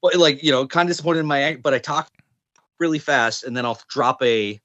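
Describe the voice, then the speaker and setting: A man's voice: mid-range voice, brisk, a bit bright, no room sound, muffled recording. Rambling Newfoundland man, dry close sound. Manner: rambling, many fillers and restarts. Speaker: podcast co-host. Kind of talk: casual chat.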